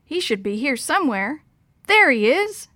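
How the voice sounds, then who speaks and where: Woman voicing a drawling river guide; folksy, dry close sound, higher voice. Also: animated, normal speed, sharp tone, no room sound. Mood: amused. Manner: folksy drawl, rough grammar. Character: drawling rugged adult male river guide.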